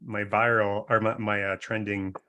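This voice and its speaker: Laid-back guy hosting a coaching call, kinda halting, chatty. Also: on the low side, flat delivery, pushed and bright, highs cut off. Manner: easygoing, halting, laughs often. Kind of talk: casual chat on a video call.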